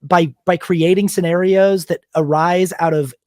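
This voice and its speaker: A man co-hosting a podcast, chatting casually about a film and acting out characters' lines in quick voices. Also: sits high, fairly even intonation, darkish tone, dry recording, clean studio sound. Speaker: podcast co-host.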